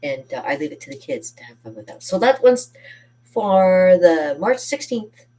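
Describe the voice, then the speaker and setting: A woman's voice: fairly low pitch, sing-song, moderate pace, dark tone, recorded from a distance. A woman chatting casually and enthusiastically as she shows kids' painting projects, with lots of fillers and self-corrections. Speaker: art teacher showing kids' painting projects. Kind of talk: casual chat.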